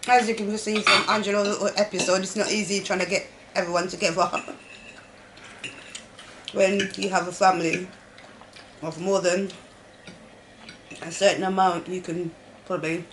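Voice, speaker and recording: British mum vlogging over dinner, chatty, keeps laughing, noisy room with plates clinking. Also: female voice, medium pitch, level tone, moderate pace, pauses often. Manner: chatty, laughing often, talks to viewers. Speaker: family vlogger, mother. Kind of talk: casual family chat at a meal. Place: family home at the dinner table. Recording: noisy home recording with clatter of dishes.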